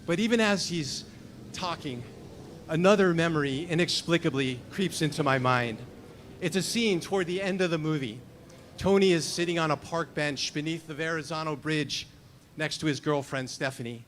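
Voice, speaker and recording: Fifties guy doing a story slam, wry, kinda high voice, faint noise behind. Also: normal speed, a bit bright. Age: 50s. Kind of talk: live story slam performance.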